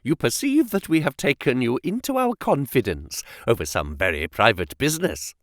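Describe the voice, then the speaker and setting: A man voicing a cruel, older captor who giggles nervously and speaks with quiet menace. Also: mid-range voice, sing-song, moderate pace, dry recording, studio quality, natural voice. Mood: menacing.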